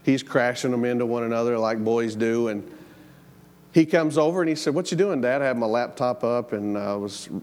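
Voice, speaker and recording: A middle-aged pastor preaches in a church sanctuary, conversational in style, repeating words and telling family stories. His voice is mid-range and darkish at a moderate pace, with long church hall reverb on the recording.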